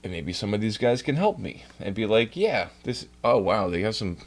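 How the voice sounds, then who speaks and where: A young man rants during a casual livestream, swearing constantly and sounding exasperated. His voice swings widely in pitch, climbing high when he gets worked up. His talk is loose and off the cuff. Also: big pitch swings, normal speed. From New York. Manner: profane, exasperated ranting. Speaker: streamer.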